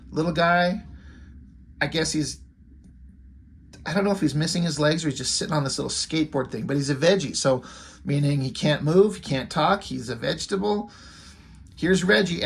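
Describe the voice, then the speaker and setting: A man's voice: on the high side, slight background noise. A man giving a casual comic book review, talking in an offhand, wry and rambling way.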